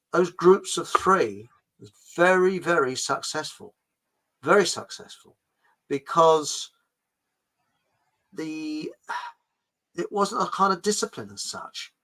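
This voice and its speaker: Guy hosting a chat, kinda high voice, rambly and jokey, gets loud then quiet. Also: expressive, slow, pauses often, rough recording. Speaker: show host. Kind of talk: casual political chat.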